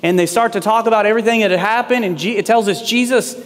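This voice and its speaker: High-voiced preaching pastor in a hall. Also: male voice, fast talker. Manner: conversational preaching with acted quotes. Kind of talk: sermon.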